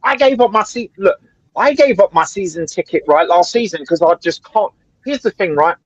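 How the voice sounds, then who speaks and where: Man co-host, high voice, heated swearing rant, dull dry lo-fi audio. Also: expressive, moderate pace, slightly rough, dry recording. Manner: ranting, swears a lot, keeps asking "right?". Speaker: co-host of a fan livestream. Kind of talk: casual heated chat.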